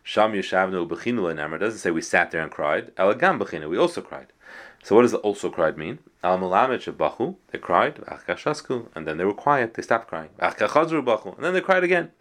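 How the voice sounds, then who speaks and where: A man's voice: lowish voice, sing-song, a little fast, a bit bright. A man giving a Torah lecture, quoting Hebrew texts and explaining them in English, with frequent fillers. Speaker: Torah teacher.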